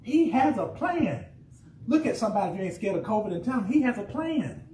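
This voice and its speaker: A man preaching a sermon as pastor, calling out to the congregation and shouting refrains. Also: sits high, moderate pace, echoey room, far from the mic, slight background noise, rough recording. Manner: preacherly call-and-response, rising excitement, shouted refrains. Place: church sanctuary.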